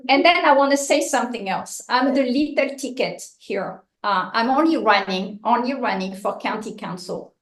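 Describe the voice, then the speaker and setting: A woman's voice: a little high, animated, moderate pace, few pauses. A woman running for local office, giving an impassioned, joking and blunt campaign speech at a meeting. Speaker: political candidate. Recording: echoey meeting room.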